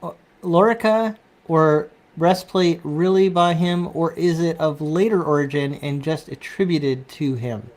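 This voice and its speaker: A man hosting a casual conversation, talking haltingly with restarts and throat clearing. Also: fairly high pitch, a little mellow. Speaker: host. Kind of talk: casual chat.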